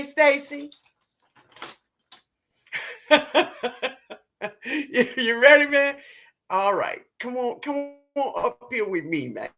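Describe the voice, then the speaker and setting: A woman's voice: fairly high pitch, a bit bright. A woman hosting a live stream in a casual, chatty way, greeting viewers by name and laughing often.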